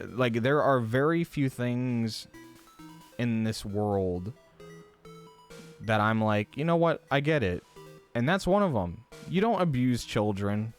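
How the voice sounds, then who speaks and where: A man hosting a live stream, ranting in a rambling, profane, animated way with many fillers. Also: mid-range voice. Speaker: livestream host. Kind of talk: casual livestream chat.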